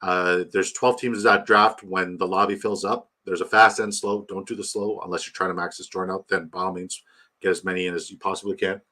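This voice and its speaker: A man's voice: sits low, level tone, fairly quick, pushed and bright. A man hosting a casual livestream, rambling about his draft, reading chat aloud and hyping a giveaway. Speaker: livestream host.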